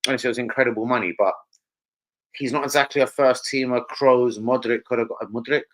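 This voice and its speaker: A man with a British accent hosting a casual football fan livestream, ranting excitably and swearing freely. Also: medium pitch, fast talker, poor audio. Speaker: live stream host.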